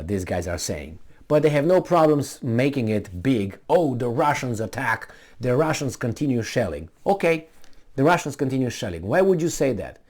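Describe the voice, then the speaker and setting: A man's voice: medium pitch, a little mellow. A man giving a casual commentary for a video, sarcastic and rambling, with many fillers and false starts.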